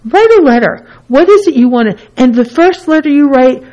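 A woman's voice: sits high, lively intonation, moderate pace, mellow. A woman therapist in a casual teaching talk, who acts out the feelings she names with her voice. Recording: dull lo-fi recording.

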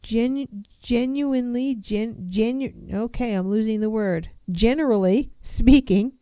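Mellow, dark-toned woman counselor. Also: a little high, unhurried, clear, resonant tone, dry recording. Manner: earnest, poses rhetorical questions. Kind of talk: reflective self-help talk.

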